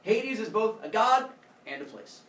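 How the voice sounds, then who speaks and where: A man's voice: high-pitched, big pitch swings, measured pace, fairly bright tone, slight background noise. A man teaching a class, lecturing in a playful, joking way. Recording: echoey classroom from far off.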